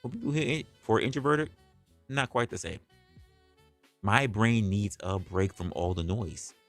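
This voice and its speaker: Low-voiced man hosting a livestream. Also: a little slow, faint music behind. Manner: blunt, profane, conversational. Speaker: livestream host. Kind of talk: casual livestream monologue.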